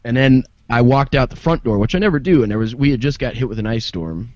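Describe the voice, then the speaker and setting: A man's voice: medium pitch, lively intonation, fast, a little mellow, no room sound. A man chatting casually on a podcast in a laid-back way, swearing in passing. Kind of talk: casual chat. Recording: dry, dull lo-fi podcast audio.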